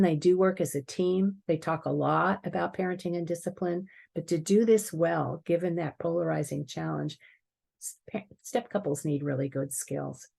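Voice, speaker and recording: Woman presenter, gravelly and husky, earnest and explanatory, prepared talk. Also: lowish voice, a little mellow. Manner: earnest, explanatory, occasional throat clearing.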